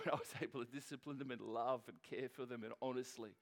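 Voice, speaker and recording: A middle-aged pastor with a mid-range voice preaches at a church service at a normal speed. His sermon is loose and jokey, conversational in tone, and he often starts his sentences over.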